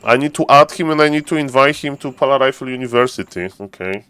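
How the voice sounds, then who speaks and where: A man streaming a strategy game, giving excitable casual commentary and repeating himself playfully. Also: mid-range voice, quick pace, smooth, no echo.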